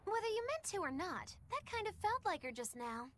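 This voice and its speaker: A chirpy, teasing little male spirit, playful and mischievous. His high voice bounces up and down. A faint noise sits behind the game dialogue. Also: very animated, brisk, a bit bright, exaggerated voice.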